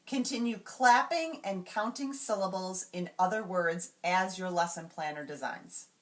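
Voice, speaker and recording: A woman calmly explaining classroom routines step by step, slowing down to sound out example words. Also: lowish voice, recorded from a distance. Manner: clear, measured, slows to sound out example words. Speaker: teacher trainer. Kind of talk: instructional walkthrough.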